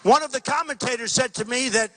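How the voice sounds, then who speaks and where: A man's voice: extremely high pitch, quick pace, bright, forceful tone. A man giving a campaign rally speech at a podium mic, rambling and repeating himself, often acting out conversations. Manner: rambling and repetitive, acting out dialogues. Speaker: political candidate. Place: large rally venue.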